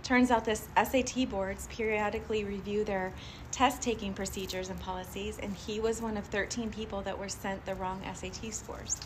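A woman giving a live motivational talk to a group, animated and chatty, often laughing and asking the audience questions. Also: medium pitch, normal speed, noisy background. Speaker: motivational speaker addressing a group.

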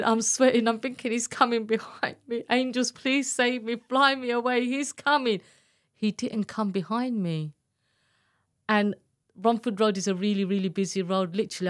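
A woman telling her own story in an interview, candid and earnest, acting out the voices of people she quotes. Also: lowish voice. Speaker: guest, abuse survivor telling her story. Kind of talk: emotional personal storytelling.

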